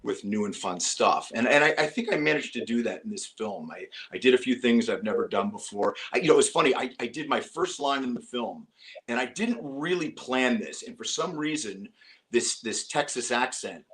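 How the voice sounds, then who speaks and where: A middle-aged man, an actor, talking casually in an interview, animated and full of restarts. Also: medium pitch, moderate pace. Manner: animated storytelling with frequent restarts. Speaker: actor guest.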